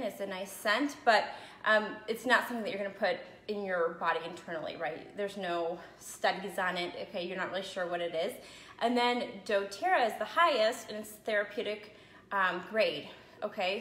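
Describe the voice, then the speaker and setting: A woman's voice: mid-range voice, fairly bright tone. A woman selling essential oils in a casual live video from her home, chatty and a little out of breath after a run, often checking in with "okay?" and "right?". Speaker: essential oil seller. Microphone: phone. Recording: echoey room.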